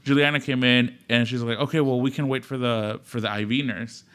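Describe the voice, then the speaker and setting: A young man with a mid-pitched voice tells a shared story on a podcast. He talks casually and hesitantly, restarting phrases and acting out what people said. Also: steady tone, fairly quick, a bit bright, smooth. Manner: hesitant, restarts, acts out quotes. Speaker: podcast co-host.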